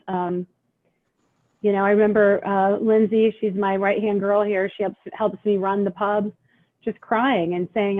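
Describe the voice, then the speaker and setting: A middle-aged woman from Indiana who runs a small pub, telling her story at a town hall in a halting way, with many fillers and restarts. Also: mid-range voice, flat delivery. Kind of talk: emotional personal testimony at a town hall. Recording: tinny phone-line sound.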